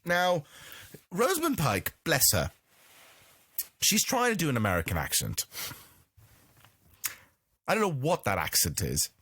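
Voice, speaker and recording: A man co-hosting a podcast, reviewing a movie in casual chat with a mocking, animated manner. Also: on the high side, unhurried, long pauses, breathy edge, dry recording. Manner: animated, mocking, slips into jokey impressions. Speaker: podcast co-host.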